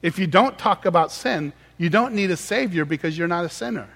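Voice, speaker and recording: A man's voice: high-pitched, lively intonation, brisk, vocal fry, fairly bright tone, long reverb tail. A man preaching a sermon as pastor, earnest and explanatory, often restarting his words.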